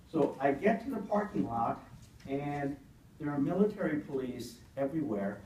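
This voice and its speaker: A man's voice: on the high side, warm tone. A middle-aged man giving a keynote, telling a long anecdote with many "you know" fillers. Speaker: keynote speaker. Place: event hall. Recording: echoey hall from far off, faint noise.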